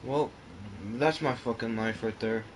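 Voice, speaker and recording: A man commenting on his own gameplay, frustrated and cursing, often dropping into low mutters. His voice is mid-pitched. Clear background noise runs behind him. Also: measured pace, low-quality recording. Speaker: gaming channel host.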